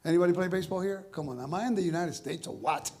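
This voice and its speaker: A man teaching a congregation, lively and animated, often asking his listeners questions. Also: sits high, rapid-fire. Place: congregation hall.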